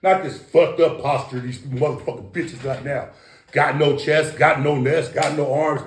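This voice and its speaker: A man's voice: on the high side, fairly even intonation, unhurried. A middle-aged man from East Los Angeles telling stories as an interview guest in a boastful, profane way, with his own sound effects. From East Los Angeles, USA. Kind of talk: casual storytelling. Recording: roomy echo.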